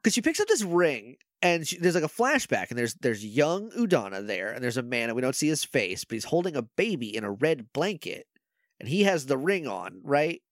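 A man's voice: medium pitch, big pitch swings, moderate pace, dry recording, clean studio sound. A man co-hosting a podcast, chatting casually as he retells scenes with quoted voices and laughter. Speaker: podcast co-host. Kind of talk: casual recap chat.

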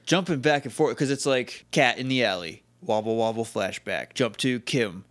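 A man's voice: medium pitch, moderate pace, a bit bright, dry recording. A man co-hosting a podcast, casually chatting about an episode, chiming in with wry, nitpicky corrections. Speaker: podcast co-host. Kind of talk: casual episode recap chat.

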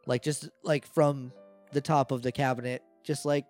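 A man narrating a tabletop role-playing game as its game master. His talk is loose and chatty, full of fillers as he describes each scene. He keeps an even, mid-range pitch. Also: moderate pace, faint music behind.

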